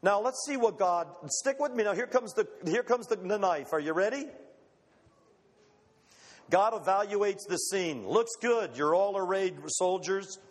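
High-voiced preacher in a reverberant hall. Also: male voice, animated. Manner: dramatic, acts out quoted voices, emphatic pauses. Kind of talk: sermon.

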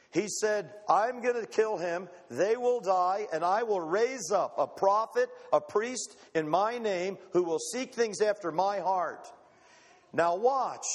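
High-voiced preacher in a reverberant hall. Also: male voice. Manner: dramatic, acts out quoted voices, emphatic pauses. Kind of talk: sermon.

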